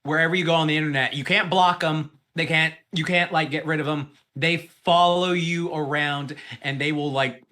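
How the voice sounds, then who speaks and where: Young male co-host, bright higher voice, profane rambling riffer. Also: moderate pace, hardly any pauses. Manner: rambling, profane, animated storytelling with put-on quotes. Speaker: podcast co-host. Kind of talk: casual chat.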